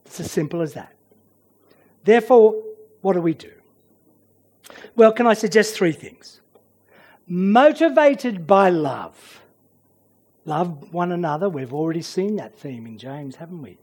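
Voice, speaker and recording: High-voiced man preaching an earnest sermon. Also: expressive, measured pace, slightly rough. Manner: earnest, dynamic, swings between emphatic and hushed.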